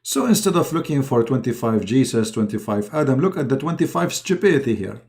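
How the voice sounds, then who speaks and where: A man's voice: mid-range voice, very animated, brisk, creaky, darkish tone. A man hosting a mocking religious commentary, talking sarcastically in broken English. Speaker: host.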